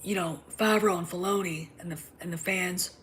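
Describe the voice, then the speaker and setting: A middle-aged woman hosting a livestream, talking in an emphatic, combative way and often dropping to a low whisper. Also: fairly even intonation, normal speed, fairly bright tone, a little hiss or hum. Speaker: show host. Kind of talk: opinionated livestream monologue.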